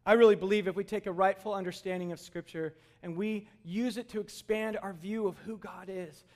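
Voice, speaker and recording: A man with a notably high speaking voice delivers a sermon from the front of a church. He talks conversationally and jokes with the congregation as he preaches. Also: steady tone, a little fast, a little mellow. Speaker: pastor.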